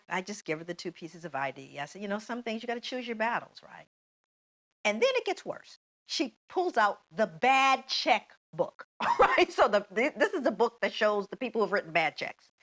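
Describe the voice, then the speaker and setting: A woman's voice: mid-range voice, rough recording. A middle-aged woman recounts a personal story to a group. Her voice rises and falls widely as she tells it, and she laughs now and then. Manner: animated, expressive storytelling with laughs. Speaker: panel speaker.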